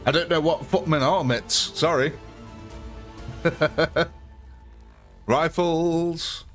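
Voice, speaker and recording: A man's voice: on the high side, fairly even intonation, drawn-out words, fairly bright tone, faint music behind. A young man chatting through a live gameplay stream, thanking viewers and talking through his choices.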